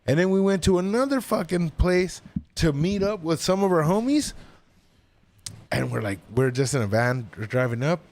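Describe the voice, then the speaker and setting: A man's voice: fairly high pitch, moderate pace. A man telling a story on a podcast in a casual, rambling way, swearing a lot and acting out what people said. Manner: profane, rambling, animated quoting. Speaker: podcast guest.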